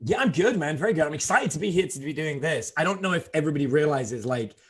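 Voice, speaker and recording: A man's voice: a little high, expressive, quick pace, husky. A man as a guest on a video call, chatting casually, laughing easily and telling rambling anecdotes. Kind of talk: casual chat.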